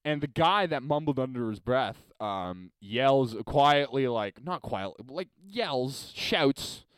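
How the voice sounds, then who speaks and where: A man's voice: fairly high pitch, unhurried, clear, resonant tone, no room sound. A young adult man hosting a podcast alone in a basement, telling rambling, profane, self-deprecating stories. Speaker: podcast host. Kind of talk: casual comedic storytelling.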